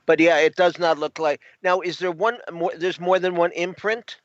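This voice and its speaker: A man's voice: sits high, fairly even intonation, normal speed, no echo. A man hosting a radio show, asking a caller hesitant, stammering questions. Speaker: radio host. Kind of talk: interviewing a caller. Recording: dry lo-fi studio audio.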